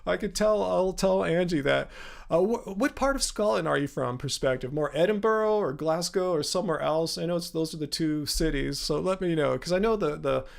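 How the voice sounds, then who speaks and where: American dude on a livestream reading chat, gravelly voice, lots of likes and ums, bit on the higher side. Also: male voice, normal speed. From United States. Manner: rambling, filler-heavy. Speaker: host. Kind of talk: live-stream Q&A chat.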